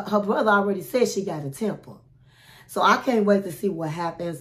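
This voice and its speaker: A woman hosting a casual reality TV recap, telling it in a sassy, animated way and calling the listener honey. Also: mid-range voice.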